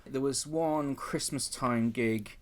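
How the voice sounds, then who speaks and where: A middle-aged man, a comedian guesting on a chat podcast, spins lively, bawdy anecdotes. His voice sits at an ordinary middle pitch, and his delivery is animated. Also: slow.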